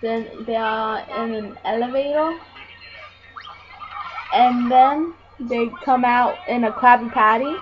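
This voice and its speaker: A woman with a fairly high voice casually retells a film plot, rambling along with "and then" and frequent ums. It's a dull lo-fi home recording with background noise and music playing clearly behind her.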